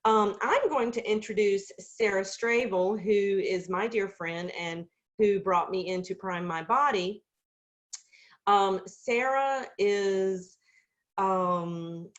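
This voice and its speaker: A woman hosting a casual group video call, talking in a hesitant way with many fillers and warm, effusive praise of her guests. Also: medium pitch, takes it slowly, muffled recording.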